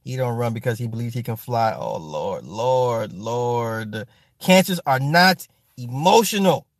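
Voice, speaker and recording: A man with a mid-range voice and measured delivery hosts a laid-back livestream from his ring-lit home streaming setup. The audio is clean studio quality with no room sound, and he reads comments aloud, swearing, laughing often and addressing the chat directly in an animated, profane way.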